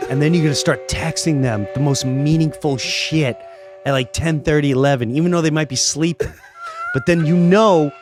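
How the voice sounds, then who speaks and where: A middle-aged man chatting casually on a podcast as a guest comedian, an animated storyteller who acts out voices and swings from loud bursts to near whispers. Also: a little high, moderate pace, over music. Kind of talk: casual chat.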